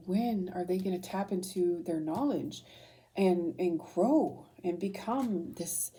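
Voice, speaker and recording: A woman's voice: fairly low pitch, slow pace, mellow. Emotional, rambling woman tarot reader. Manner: rambling, emotional, frequent fillers and restarts. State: choked up. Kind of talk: casual intuitive reading.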